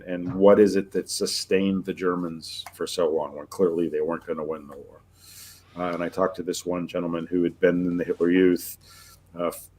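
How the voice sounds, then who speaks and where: A man co-hosting a history podcast, relating interview anecdotes in a relaxed, storytelling way. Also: deep voice. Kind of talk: casual conversational storytelling.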